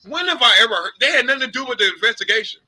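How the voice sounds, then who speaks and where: A man's voice: very high voice, expressive, racing, pushed and bright, poor audio. A man co-hosting a sports radio podcast in casual banter, arguing his points bluntly with pointed questions. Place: radio studio.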